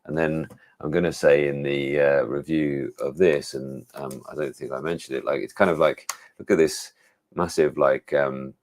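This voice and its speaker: A man's voice: a bass voice, fairly even intonation, normal speed, darkish tone. A man with an English accent, hosting a casual live stream about tech gadgets and thinking aloud with frequent restarts. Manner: rambling, thinks aloud with many restarts and fillers. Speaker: tech reviewer hosting a livestream.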